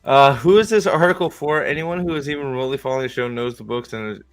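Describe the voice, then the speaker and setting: A man's voice: medium pitch, fast talker. A man hosting a podcast in a rambling, mocking, comedic rant. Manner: rambling, mocking, with frequent restarts. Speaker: podcast host.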